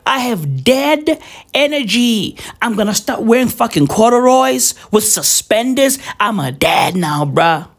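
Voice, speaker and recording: A man's voice: very high-pitched, big pitch swings, a little slow. A young man vlogging a profane, rambling, mock-serious rant at home, peppering it with slang. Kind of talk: casual rant to camera. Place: indoors at home at New Year.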